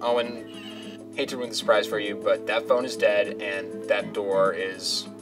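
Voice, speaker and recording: A man's voice: lowish voice, flat delivery, a little slow, over music. A man hosting a let's play, chatting casually over the game and swearing now and then. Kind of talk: game commentary.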